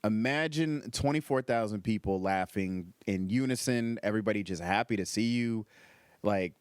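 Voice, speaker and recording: A man with a low, smooth voice recorded close and dry. He tells a rambling, profane story in casual chat, full of fillers. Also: moderate pace, dry recording. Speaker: stand-up comedian guest.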